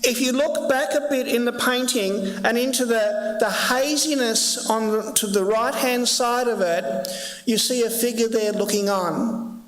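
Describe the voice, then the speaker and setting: Slow, earnest male pastor in echoey church. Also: very high voice, fairly bright tone. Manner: earnest, emphatic repetition. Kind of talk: sermon. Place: church sanctuary. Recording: echoey church hall reverb.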